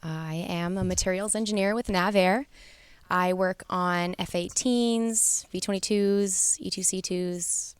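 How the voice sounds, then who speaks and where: A young woman gives an earnest, encouraging self-introduction as an engineering mentor. Her voice sits a little low and sounds smooth and clean. It is close and dry, with no room sound. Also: dry recording.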